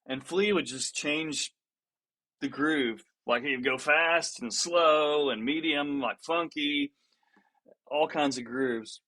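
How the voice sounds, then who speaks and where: A man's voice: on the high side, slow. A man, a guest musician on a podcast, telling stories in casual talk, laughing often and restarting his sentences. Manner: lively storyteller who acts out what others said. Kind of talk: casual storytelling in a podcast interview.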